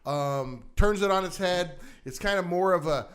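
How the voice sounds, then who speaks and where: A man co-hosting a casual show-review chat, rambling and halting with many fillers and restarts. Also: sits high, fairly bright tone. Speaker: podcast co-host.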